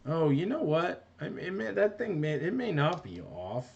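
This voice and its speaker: A middle-aged New Jersey animator chats casually on a live stream while working, his slightly high, creaky voice swinging hugely in pitch at a moderate pace. He rambles, reads chat aloud and often breaks off mid-thought. The recording is muffled.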